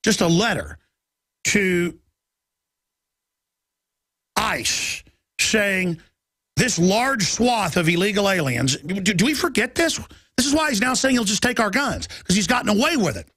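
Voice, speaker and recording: A middle-aged man hosting a political talk radio show, ranting urgently and reading headlines aloud in quick bursts. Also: sits high, very animated, a bit bright, slightly rough, dry recording. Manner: urgent, alarmed, rapid-fire ranting.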